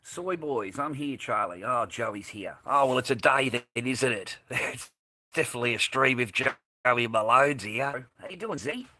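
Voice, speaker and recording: An Australian man talks loosely to viewers on a livestream, swearing freely and drifting from one thought to the next. His voice is bright and forceful, pitched in an ordinary male middle range. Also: animated, moderate pace, a little hiss or hum. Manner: blunt, rambling, swears freely; reads and answers live chat. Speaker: livestream host. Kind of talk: casual livestream chat.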